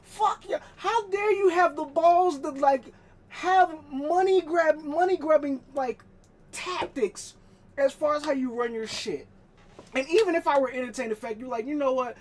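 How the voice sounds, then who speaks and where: A woman's voice: high voice, a little slow, a little mellow. A woman gaming streamer talking casually on stream, ranting in a profane, emphatic and exasperated way.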